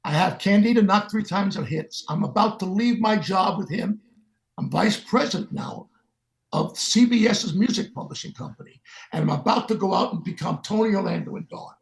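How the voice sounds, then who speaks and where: An older man, a guest musician, tells stories in a sit-down interview, and his high, gravelly voice moves at a moderate pace. He's animated and acts out the voices of the people in his stories.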